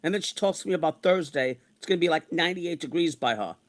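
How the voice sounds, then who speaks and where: A man's voice: a little high, quick pace. A man in his sixties ranting in a repetitive, exasperated way as he vents in an online monologue. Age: 60s. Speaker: online streamer.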